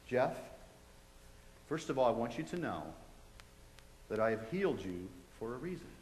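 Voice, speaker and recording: A man voicing a gentle, loving divine voice that speaks softly and low in his story. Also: very animated, fast, echoey room, in a large hall, a little hiss or hum, lightly acted, low-quality recording. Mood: tender. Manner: soft, low and hushed.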